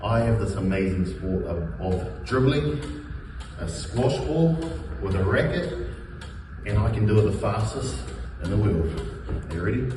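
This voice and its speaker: A man's voice: on the low side, animated, measured pace. A man with a New Zealand accent speaking upbeat and playfully boastful, recorded in an indoor squash court. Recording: echoey court from far off, noisy.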